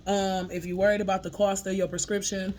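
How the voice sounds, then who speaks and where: A woman talks through her channeled messages in a relaxed, conversational way, laughing often and cursing casually. Her voice sits in a middle pitch, with a faint hum of ambience behind her. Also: brisk. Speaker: spiritual medium sharing channeled messages.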